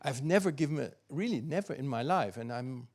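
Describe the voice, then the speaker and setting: A man's voice: mid-range voice, lively intonation, fairly quick, a little mellow. An older man with a German accent, giving an academic physics lecture and thinking aloud, with many fillers and restarts.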